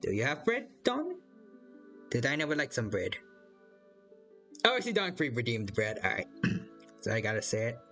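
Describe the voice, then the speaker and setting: A man's voice: medium pitch, very animated, moderate pace, long pauses, a bit bright, soft background music. A man chatting casually on a live stream while playing a game, rambling and hesitant, reading out viewers' chat and greeting them by name.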